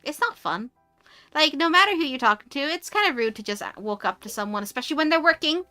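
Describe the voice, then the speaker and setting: A British woman chatting casually on a stream, animated and quick to rant, swearing freely. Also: high voice, faint music behind. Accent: British English. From United Kingdom. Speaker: VTuber streamer. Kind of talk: casual chat.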